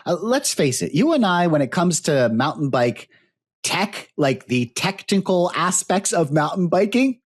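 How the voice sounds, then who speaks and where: Male podcast co-host, casual and chatty, slightly husky, pitch swinging widely. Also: very animated, a little slow. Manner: rambling, heavy use of fillers like "you know" and "like". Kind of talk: casual chat.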